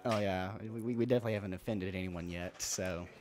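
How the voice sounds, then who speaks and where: A man's voice: sits low, fast, a little mellow. A man co-hosting a casual podcast chat, often stammering and repeating words as he starts his sentences. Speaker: podcast co-host.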